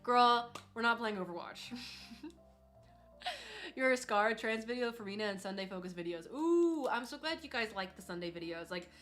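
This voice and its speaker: A woman hosting a casual livestream from her desk at home, talking in a gushing, excitable, slangy way. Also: a little high, moderate pace, soft background music. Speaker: livestream host.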